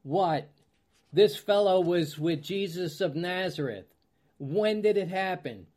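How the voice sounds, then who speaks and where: A man teaching from the Bible as a pastor, reading scripture aloud and often pausing to find his place. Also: high voice, expressive, darkish tone. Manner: slow, searching, clears throat, loses place; reads scripture aloud in King James wording.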